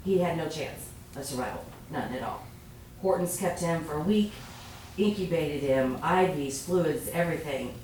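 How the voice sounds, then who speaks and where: A woman's voice: low-pitched, moderate pace, a little mellow. A woman giving a heartfelt public comment at a city council meeting. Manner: earnest, heartfelt. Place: council chamber. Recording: echoey chamber, far from mic, faint noise.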